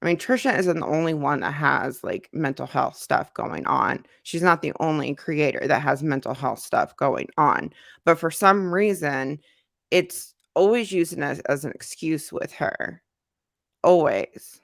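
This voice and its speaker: Stuffed up with a cold, a livestream host reads out chat comments, talking casually, repeating herself, and using plenty of fillers. Her low voice is animated but a little slow, with vocal fry and a fairly bright tone, in a clean studio recording without echo.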